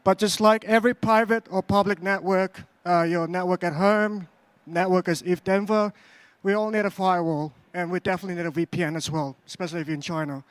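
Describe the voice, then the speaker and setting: Australian-accented man, high voice, conference keynote, slow deliberate delivery with fillers. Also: fairly even intonation, clear, resonant tone, dry recording. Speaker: conference speaker. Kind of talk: tech conference talk. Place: conference stage.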